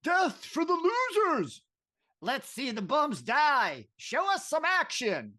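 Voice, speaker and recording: A man voicing shouting members of a bloodthirsty arena crowd in a comic read-through. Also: very high voice, huge pitch swings, slow, pitched above the performer's own voice, heavily acted. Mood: bloodthirsty jeering. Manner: shouted jeers.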